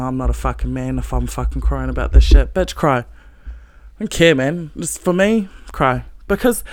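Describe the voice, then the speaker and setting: A woman host giving a blunt, profane, forceful monologue about relationships. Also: very deep voice, dry recording.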